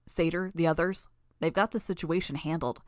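A woman voicing a smug, unfazed man in an audiobook, calm and dismissive. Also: low-pitched, moderate pace, no room sound, clean studio sound, lightly acted.

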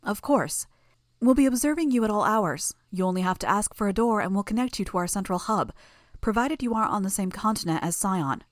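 A woman voicing a composed, authoritative female leader who speaks in a measured, firm way. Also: medium pitch, lively intonation, no room sound, clean studio sound, voice pushed up, natural voice. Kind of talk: audiobook character voice.

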